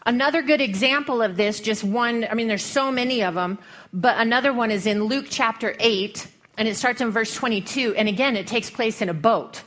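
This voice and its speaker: A woman's voice: fairly high pitch, a little fast, a bit bright. A woman preacher with a Western American accent, giving a folksy, humorous sermon full of storytelling.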